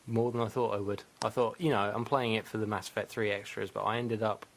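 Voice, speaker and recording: A man's voice: on the low side, steady tone, a little fast. A man hosting a gaming podcast in casual, rambling chat, laughing often at himself. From Britain. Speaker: podcast host.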